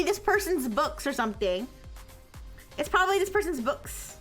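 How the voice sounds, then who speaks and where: A woman hosts a casual live stream, talking in a high, bright voice. She rambles, trips over her own sentences and laughs as she goes. Faint music plays underneath. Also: big pitch swings, moderate pace. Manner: rambling, self-interrupting, laughs often. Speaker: livestream host.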